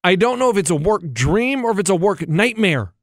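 Male podcast co-host, casual rambling storyteller, voice a bit high, dry studio sound. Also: lively intonation, brisk, dry recording. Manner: rambling storyteller, acts out others' lines. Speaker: radio show co-host. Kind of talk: casual chat.

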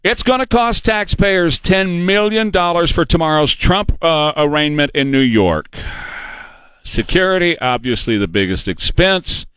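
A man's voice: fairly high pitch, expressive, unhurried, a bit bright, clean tone, dry recording. A man hosting a talk radio news show, reading stories and giving sarcastic, opinionated commentary. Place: radio studio. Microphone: studio microphone.

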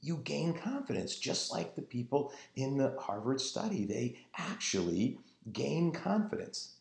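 A man's voice: mid-range voice, big pitch swings, unhurried, gravelly, a little mellow. A man preaching a sermon in an earnest, emphatic way, drawing out his phrases. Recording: roomy echo.

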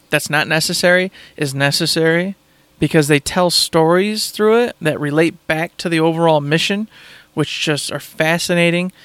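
A man's voice: on the high side, a bit bright, smooth, dry recording. A man in casual chat, raving about a game in an enthusiastic, rambling way and repeating himself.

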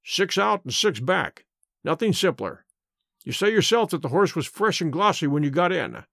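A man reading the part of a calm, incisive detective, measured and quietly assured, slowing down on key points. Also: on the high side, vocal fry, no echo, studio quality, exaggerated voice. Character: calm, incisive male detective, middle-aged. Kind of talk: audiobook character reading.

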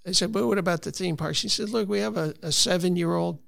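Gravelly-voiced man, earnest storyteller. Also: high-pitched, quick pace, fairly bright tone. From Florida. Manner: earnest, storytelling with many restarts. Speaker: conservation advocate, guest. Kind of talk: conversational interview.

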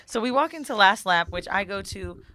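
A young woman co-hosting a podcast, telling stories in animated, profane chat. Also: medium pitch, brisk. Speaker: podcast co-host. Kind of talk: casual chat.

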